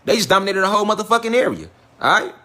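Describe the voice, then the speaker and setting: A man's voice: sits high, very animated, very fast, bright, forceful tone. A middle-aged man lecturing viewers casually and emphatically, with heavy profanity and street slang, often repeating "facts" and "all right". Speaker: conspiracy lecturer.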